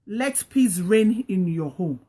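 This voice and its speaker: A woman's voice: mid-range voice, expressive, slow, warm tone, husky. A woman hosting a talk, giving earnest, repetitive marriage advice and exhorting her listeners.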